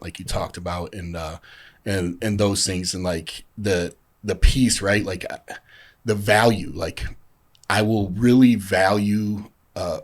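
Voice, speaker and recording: Deep voiced guy rambling through his recovery story on a podcast, lots of likes and you knows. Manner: heartfelt, rambling with many fillers. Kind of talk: casual chat.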